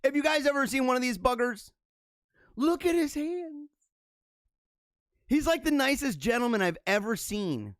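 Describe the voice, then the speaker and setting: Give me a young man chatting with viewers on a livestream, his voice high and lively, full of laughter and rambling asides. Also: a little fast, few pauses, dry recording, studio quality. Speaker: show host reading viewer comments. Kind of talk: casual livestream chat.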